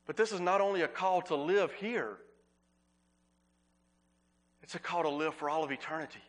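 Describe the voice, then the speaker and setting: A man preaching a sermon as pastor, earnest, repeating words for emphasis and slowing on key phrases. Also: fairly high pitch.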